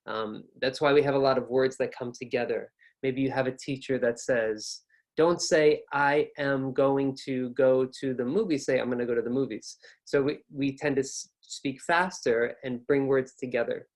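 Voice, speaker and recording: Relaxed American man teaching pronunciation. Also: medium pitch. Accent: General American. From North America. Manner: relaxed, explanatory, demonstrates sounds aloud. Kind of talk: online lesson.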